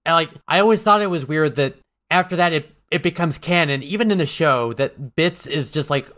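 Brisk and a bit bright in the mid-range, a man co-hosting a podcast chats with dry humor, wandering along with frequent fillers and restarted sentences.

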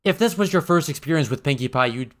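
Talking quickly in a medium-pitched, animated voice, this podcast co-host keeps things casual and wry. He rambles along with plenty of fillers and false starts.

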